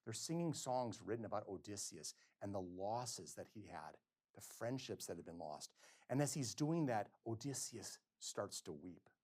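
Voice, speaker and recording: A middle-aged male physician giving a lecture, telling stories and acting out quotes with sudden swings between loud and soft. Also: fairly low pitch, lively intonation, moderate pace, slightly rough. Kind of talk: lecture with storytelling. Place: lecture hall.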